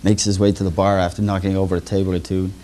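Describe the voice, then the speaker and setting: A man telling stand-up jokes on a lo-fi 1980s local television broadcast. His voice sits low and dark, mellow in tone. He slips into small put-on voices for the drunk characters in his jokes. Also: level tone, fast talker. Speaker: stand-up comedian.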